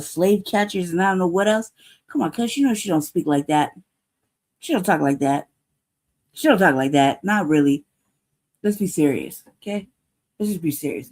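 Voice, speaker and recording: A woman's voice: mid-range voice, mellow. A woman with an American accent hosting a show, ranting in heated, profane commentary that circles back on itself. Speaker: show host.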